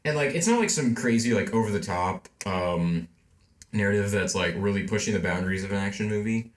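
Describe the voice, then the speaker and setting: Low-ish guy rambling about movies, lots of "like", echoey room. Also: a little fast. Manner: rambling, heavy use of "like". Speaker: podcast co-host. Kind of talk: casual chat. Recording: roomy echo.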